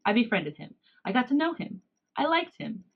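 A woman voicing a defiant young male cat hybrid with sharp, indignant outbursts, in a storybook reading with slightly dull podcast audio. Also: fairly high pitch, very animated, normal speed, slightly rough, pitched above the performer's own voice, full character voice. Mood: hurt, defensive.

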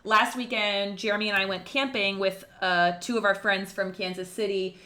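Woman, young adult, podcast co-host, bright clear voice, casual rambling storytelling, laughs often. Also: mid-range voice, steady tone, moderate pace. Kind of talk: casual chat between sisters.

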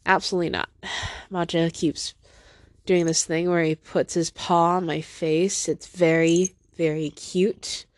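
A woman's voice: on the low side, level tone, slow, darkish tone, no room sound. A woman hosting her own podcast in a casual, rambling solo monologue from home, teary after crying, self-deprecating and stopping to talk to her cat. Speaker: podcast host.

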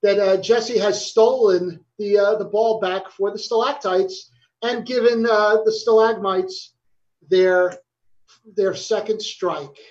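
A man's voice: high voice, steady tone, slow, darkish tone, dull audio. A man hosting a casual quiz game among friends, playful, swearing and laughing, tripping over his own answers. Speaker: game host.

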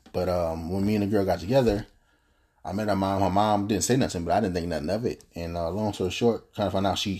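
Brief: young man, low husky voice, mellow, earnest rambling personal story. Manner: earnest, rambling, with frequent restarts and fillers. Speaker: podcast host telling his story.

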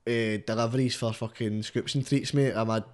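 A man's voice: medium pitch, steady tone, brisk, a little mellow. A young man with a Scottish accent, a podcast guest chatting casually in a rambling, sweary way. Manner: rambling and sweary, constant filler phrases. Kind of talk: casual chat.

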